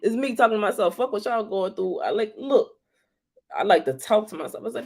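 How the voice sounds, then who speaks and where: A woman talks through astrology in a loose, casual way. She is profane and animated, and she laughs often. Her pitch sits in the middle range. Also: fairly quick, slightly rough. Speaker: astrology talk host.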